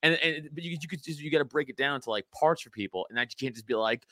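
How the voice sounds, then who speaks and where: A man hosting a podcast, talking bluntly and profanely and acting out quoted people in animated asides. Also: medium pitch, racing, few pauses, dry recording. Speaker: podcast host. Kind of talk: casual podcast chat.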